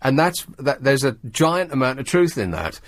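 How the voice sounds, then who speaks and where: A man hosts a talk radio show, grumbling and mocking his way through a sardonic monologue into a studio microphone. His voice is medium in pitch with big swings, and he speaks at a normal speed. There is no room sound.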